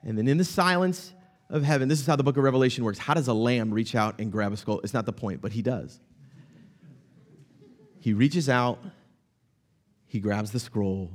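A pastor preaching a sermon, telling the scene dramatically and moving from hushed to loud. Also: male voice, mid-range voice, normal speed, long pauses.

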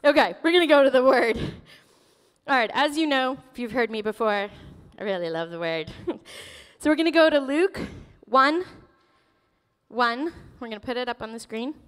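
A woman pastor preaching a sermon in a church, emotional and animated, laughing often as she tells stories. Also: sits high, normal speed, smooth, in a large hall. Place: church sanctuary.

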